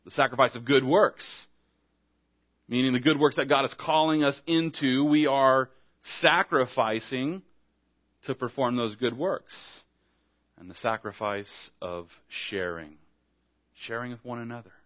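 A man's voice: medium pitch, a little slow, muffled recording. A man preaching an evening sermon, speaking conversationally and acting out little back-and-forth dialogues to make his points. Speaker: pastor.

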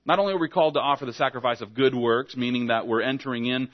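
A man's voice: mid-range voice, quick pace, highs cut off. A man preaching an evening sermon, speaking conversationally and acting out little back-and-forth dialogues to make his points. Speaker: pastor.

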